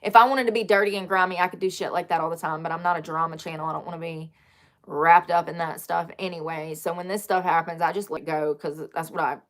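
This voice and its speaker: A woman hosting a casual livestream, talking bluntly and telling stories with animated energy and frequent laughter. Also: fairly low pitch, quick pace. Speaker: livestream host.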